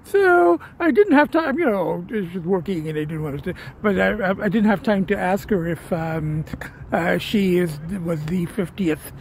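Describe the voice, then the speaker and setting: A man's voice: high-pitched, moderate pace, gravelly, slight background noise. A man vlogging casually as he goes about his day, talking in a rambling way with lots of fillers and restarts, often chuckling. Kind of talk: casual vlog commentary. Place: outdoors and around town, restaurant patio, store.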